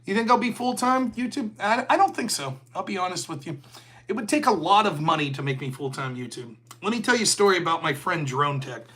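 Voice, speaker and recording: A man's voice: sits high, expressive, a little fast, pushed and bright. A man of forty hosting a live stream, talking in a profane, heated rant. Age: 40s. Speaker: host.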